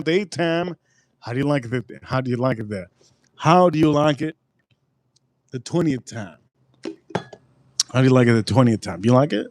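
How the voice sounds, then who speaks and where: A man's voice: mid-range voice, no echo. A man hosting a casual livestream, rambling and joking with plenty of swearing. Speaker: livestream host.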